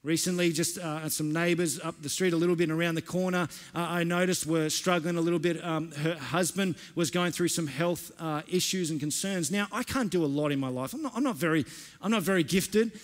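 Male pastor, high-pitched, earnest story-led sermon, long hall reverb. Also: a little fast. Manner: earnest storytelling with frequent restarts.

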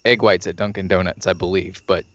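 A man's voice: sits low, fairly even intonation, fairly quick, muffled recording. A man chatting casually as a podcast co-host, dropping dry, wry asides. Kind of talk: casual chat.

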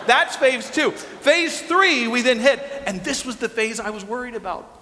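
A middle-aged man preaching a sermon, telling a story in an animated, lively way. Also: very high voice, moderate pace, a little hiss or hum. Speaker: pastor. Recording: long hall reverb.

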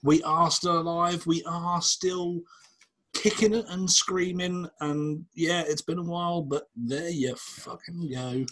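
Male podcast host, husky, loose and tipsy, casual swearing. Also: fairly high pitch, slow, low-quality recording. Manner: relaxed, swearing, rambling. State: tipsy after a few beers. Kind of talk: casual chat.

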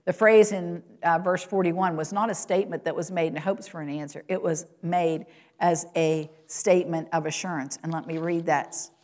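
A woman with a slightly low voice preaches a sermon to her congregation. She asks them rhetorical questions and moves between raised, high-pitched emphasis and quiet, low remarks. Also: fairly even intonation, normal speed. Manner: rises in pitch and volume for quoted lines and exclamations, drops low and soft at points.

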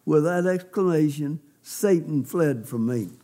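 A man's voice: a little high, expressive, a little slow, mellow. Emphatic pastor telling his testimony. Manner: emphatic, folksy storytelling. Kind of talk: sermon testimony.

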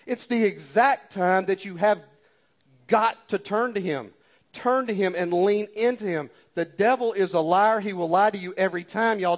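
A man preaching a sermon with fervent, repetitive exhortations and folksy asides. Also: high-pitched.

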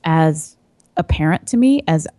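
A woman's voice: sits low, lively intonation, unhurried, mellow, no echo, clean studio sound. A woman in her thirties, a guest on a podcast, chatting casually about her work with lots of fillers and easy laughs. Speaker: podcast guest, coffee importer. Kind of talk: casual chat.

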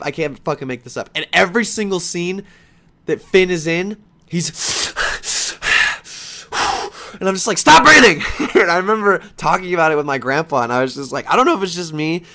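A young man giving a casual, animated movie review, swearing often and breaking into frustrated outbursts. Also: a little high. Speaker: vlogger.

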